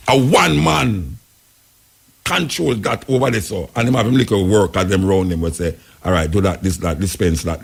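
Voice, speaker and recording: A man's voice: mid-range voice, vocal fry, a bit bright, breathy edge. A Jamaican man hosting a talk radio show, delivering rambling, emphatic commentary in patois.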